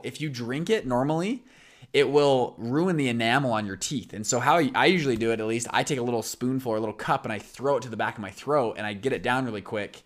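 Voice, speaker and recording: A young man hosts his own podcast, talking casually and animatedly. His voice is raspy and scratchy from a sore throat. He tells stories in a loose, rambling way, with many restarts. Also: mid-range voice, a bit bright. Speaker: podcast host. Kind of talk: casual storytelling monologue.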